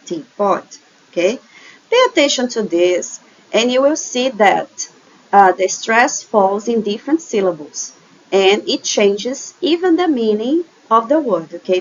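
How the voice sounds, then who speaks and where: A woman's voice: medium pitch, highs cut off. A woman English teacher with a Brazilian Portuguese accent, patiently explaining slides in a recorded online lesson and checking in often with "okay?".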